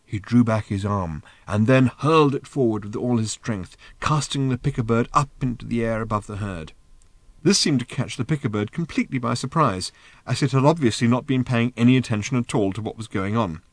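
The recording is dry as a man of medium pitch narrates an audiobook, giving the scripted text a measured yet expressive reading.

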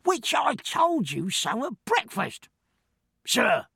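A man's voice: extremely high pitch, sing-song, moderate pace, creaky, fairly bright tone, breathy edge, no echo, studio quality, pitched above the performer's own voice, full character voice. A man voicing a fussy, insolent ship's steward who nags and scolds sharply. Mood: nagging.

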